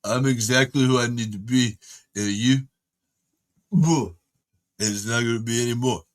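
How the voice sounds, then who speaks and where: A man's voice: medium pitch, normal speed, natural voice. A man doing a mumbling punch-drunk boxer. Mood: tough.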